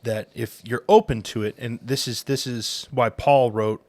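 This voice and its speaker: A man co-hosting a casual podcast, telling a story in a relaxed, halting way. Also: mid-range voice, dry recording. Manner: telling a story with fillers and restarts. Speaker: podcast co-host.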